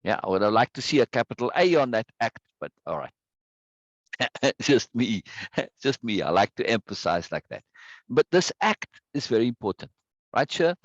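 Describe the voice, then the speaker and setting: A man's voice: mid-range voice, very animated, normal speed, dry recording, lo-fi sound. A man teaching a live online self-help course, stressing points by repeating words and reading viewers' chat aloud. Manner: greets viewers by name from chat.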